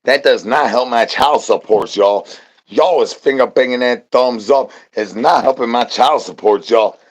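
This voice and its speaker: A man hosting a livestream, talking to his chat in goofy rhyming nonsense with singsong repeats, swinging between low mumbles and loud shouts. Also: a little slow, breathy edge. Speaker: livestream host. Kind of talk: rambling comedic stream chatter.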